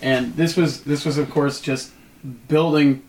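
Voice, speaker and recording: A man's voice: on the high side, steady tone, measured pace, darkish tone. Rambling man co-hosting a wrestling show. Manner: rambling, repeats words. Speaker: wrestling promotion co-host. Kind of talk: casual commentary over match footage.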